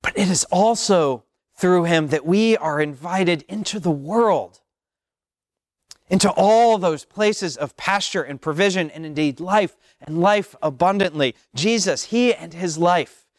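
A man preaching a sermon as pastor, slow and measured, repeating phrases with long pauses. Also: high-pitched, no room sound, clean studio sound.

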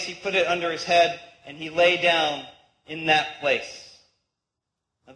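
A man's voice: high-pitched, bright, forceful tone, a little hiss or hum. A man preaching a sermon, reading scripture and explaining it in a conversational way with playful asides. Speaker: pastor. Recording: echoey hall with long reverb.

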